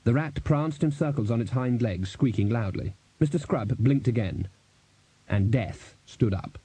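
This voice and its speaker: A man reads an audiobook in a measured, even storytelling manner. His voice is mellow and a little husky, recorded dry and close with no room sound. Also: medium pitch, dry recording. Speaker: audiobook narrator. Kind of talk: audiobook reading with character voices.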